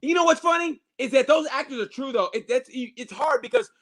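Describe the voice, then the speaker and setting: A man telling a long, profane story in casual podcast chat, animated and full of restarts and acted-out quotes. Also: very high-pitched, a little fast.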